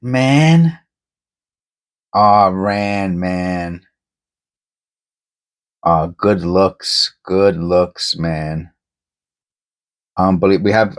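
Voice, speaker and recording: A man hosting a casual coin-hunting vlog, rambling and excitable, often tacking "man" onto his sentences. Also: low-pitched.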